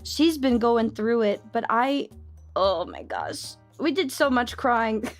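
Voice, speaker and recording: A young woman streamer chatting casually, telling stories in an excitable, gushing way. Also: fairly high pitch, slow pace, soft background music. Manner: excitable, gushing storyteller with lots of laughter. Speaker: VTuber streamer.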